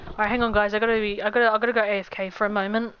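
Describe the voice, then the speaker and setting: A woman's voice: mid-range voice, flat delivery, rapid-fire, clean tone, highs cut off. Rambling woman game streamer, frequent restarts. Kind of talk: casual live-stream chat to viewers.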